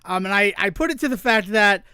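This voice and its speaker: A podcast co-host in casual chat, telling stories in an animated way and swearing freely. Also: male voice, sits high, brisk, clean tone, dry recording, clean studio sound.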